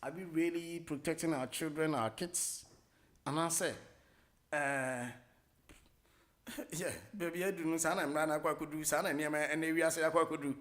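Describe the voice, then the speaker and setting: A middle-aged man with a Ghanaian accent hosting a radio talk show, rambling casually, mixing English with Twi and filling pauses with many hesitations. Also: fairly high pitch, animated, a bit bright. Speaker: radio host.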